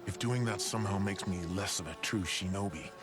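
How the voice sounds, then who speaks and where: A man's voice: lowish voice, brisk, close to an everyday voice. A man voicing a hot-headed, loyal teenage boy ninja in an anime dub, speaking in an earnest, defiant and impassioned way. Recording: anime dub audio with a music score.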